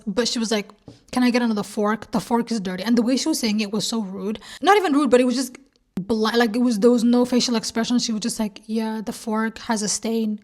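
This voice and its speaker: Young woman vlogger, slightly high voice, animated storyteller who acts out quotes. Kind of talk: casual storytime.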